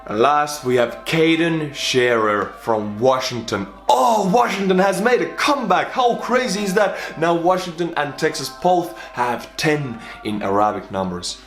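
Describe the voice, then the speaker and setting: A man with an Estonian accent hosting a reaction video, talking bluntly and joking, with sudden excited shouts. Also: fairly high pitch, unhurried, few pauses, roomy sound, faint music behind. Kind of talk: casual reaction commentary.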